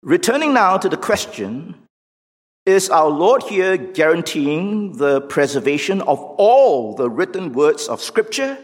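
A man preaching a sermon in an emphatic, deliberate way, pushing questions up almost to a shout. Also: on the high side, very animated. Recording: long reverb of a large hall.

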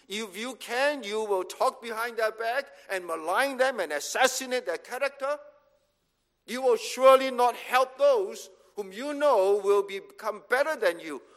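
Man, pastor, high-pitched, emphatic sermon delivery in a reverberant hall. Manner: emphatic, measured, repeats phrases for stress.

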